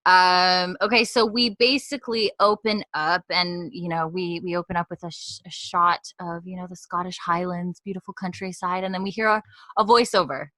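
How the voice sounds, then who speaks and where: A woman's voice: fairly low pitch, steady tone, normal speed, pushed and bright, no echo. A young woman co-hosting a podcast, recapping a TV episode in a rambling, chatty way with frequent laughs. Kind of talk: casual chat.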